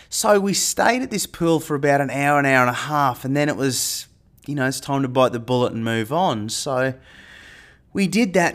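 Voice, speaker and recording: A man telling a personal story in a casual monologue, animated and getting louder when he re-enacts a tense moment. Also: on the high side. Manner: animated retelling, rising loud when quoting panic. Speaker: airline pilot and marketer.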